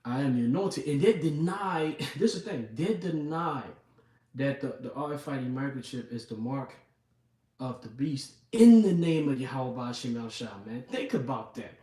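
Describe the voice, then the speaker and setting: A man's voice: medium pitch, animated, normal speed, mellow. A man giving an informal sermon, reading scripture and talking it through conversationally with frequent asides to his listeners. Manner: conversational, repeats "you know what I'm saying" and "man". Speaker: preacher. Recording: echoey room, mic at a distance.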